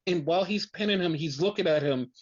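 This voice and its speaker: A podcast host recapping wrestling in casual chat, telling it in an excited, profane way with lots of "like" fillers. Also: mid-range voice, fast, husky. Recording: dull lo-fi recording.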